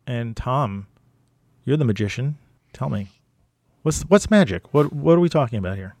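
A man's voice: medium pitch, animated, normal speed, a little mellow, no room sound. Easygoing New man hosting a podcast. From Manhattan, New York. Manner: jokey, easygoing. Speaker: podcast co-host. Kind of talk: casual podcast chat.

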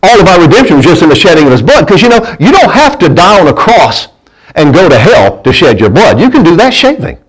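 A man's voice: on the high side, very animated, quick pace, slightly rough, poor audio. A man preaching a sermon, in a folksy manner that keeps asking the congregation to answer back and often stumbles and restarts his words. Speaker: pastor.

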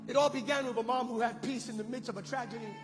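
A man preaching a sermon as pastor, telling a story with animated quotes and building to loud shouted calls to the congregation. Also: very high voice, quick pace. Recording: long hall reverb with music behind.

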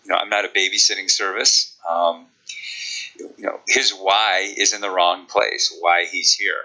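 Chicago guy coaching sprinters, talks easy with ums, bright edgy voice. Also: low-pitched, measured pace, highs cut off. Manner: relaxed, explanatory, many ums. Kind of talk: podcast interview.

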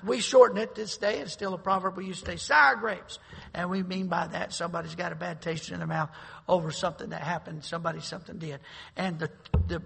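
A man preaching a sermon as pastor, speaking emphatically and swelling into loud declarations. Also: high voice, vocal fry, husky, long reverb tail.

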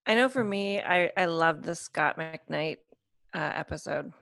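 A young adult woman, a podcast guest, chatting earnestly with many halting restarts and fillers. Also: deep voice, vocal fry, a bit bright, no room sound, clean studio sound. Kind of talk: casual chat.

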